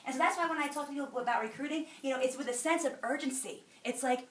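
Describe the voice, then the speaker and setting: A woman's voice: high-pitched, fast, few pauses, slight background noise. A middle-aged woman giving an emphatic, chatty motivational testimony to a group, preachy in tone and laughing now and then between lines. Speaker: sales director speaking to a group. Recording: echoey hall, speaker far from mic.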